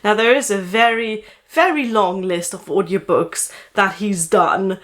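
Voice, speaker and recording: A woman's voice: mid-range voice, fairly bright tone. Woman with a slight German accent. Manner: thoughtful, with frequent "uh" pauses. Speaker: book vlogger. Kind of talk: casual recommendation vlog.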